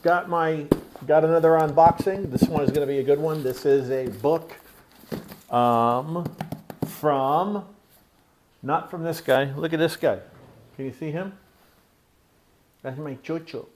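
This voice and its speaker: A man's voice: on the high side, unhurried, pauses often, background noise. A man from Pennsylvania hosting a casual unboxing vlog, talking loosely with lots of swearing and rambling asides. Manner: scolds his pet mid-talk. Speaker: tattoo channel host.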